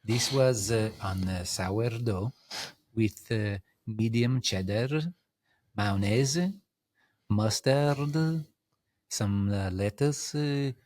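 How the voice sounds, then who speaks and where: A man's voice: on the low side, very slow, a little mellow, no echo. A man putting on a jovial Italian-accented fellow. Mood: playful. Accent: put-on Italian.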